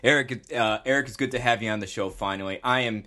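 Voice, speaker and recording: A man hosts a podcast in a loose, chatty way, wandering off track and poking fun at himself as he goes. His voice sits at an ordinary, middle pitch. He often stops and restarts his sentences. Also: fast talker, bright, forceful tone. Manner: rambling, self-mocking, with restarts. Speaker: podcast host. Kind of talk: casual podcast chat.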